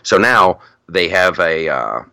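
A man's voice: low-pitched, animated, takes it slowly, pushed and bright, dry recording. A middle-aged man hosting a podcast in casual chat, rambling with many restarts and frequent laughter. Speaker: podcast host.

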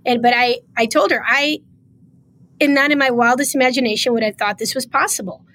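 A woman's voice: high voice, steady tone, a little fast, a bit bright. A woman guest on a podcast, telling a painful personal story with emotion, close to tears, in an earnest way with many fillers.

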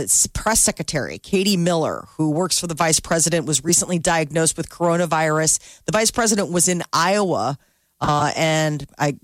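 A woman's voice: deep voice, dry recording, clean studio sound. A woman reading the news in a casual, chatty way on a morning radio show, laughing between items.

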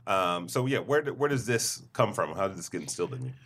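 Chatty host man with a lively voice. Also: deep voice, quick pace. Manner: chatty, laughs easily, trails off with fillers. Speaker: podcast host. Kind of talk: casual interview chat.

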